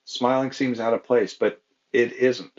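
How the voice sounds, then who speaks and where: A man who is a judge, talking in a thoughtful, measured way in a panel discussion. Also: medium pitch, steady tone, a little mellow. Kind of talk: expert discussion. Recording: dull lo-fi audio.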